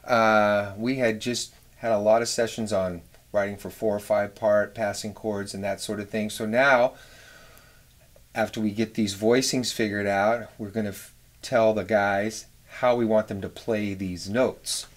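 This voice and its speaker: Relaxed man teaching music arranging. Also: on the low side, measured pace. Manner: relaxed, rambling, sings rhythms with scat syllables. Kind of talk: casual instructional talk.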